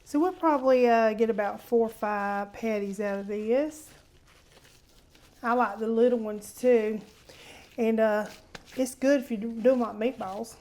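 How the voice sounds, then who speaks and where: A woman's voice: on the high side, a little slow, darkish tone. A woman hosting a casual cooking demonstration in her home kitchen, chatty and homey, calling viewers honey. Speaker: cooking show host.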